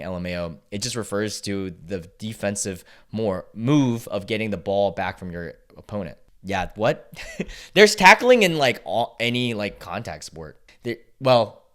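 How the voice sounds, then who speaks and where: A man's voice: lowish voice, a bit bright. A man from the United States hosting a reaction video, reading online posts aloud and mocking them in a sarcastic, casual way, laughing often and swearing freely.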